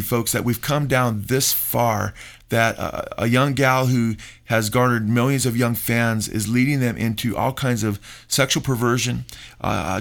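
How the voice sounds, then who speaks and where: A man's voice: mid-range voice, gravelly, fairly bright tone. A middle-aged man, a pastor hosting a radio talk show, preaching emphatically and calling his listeners folks.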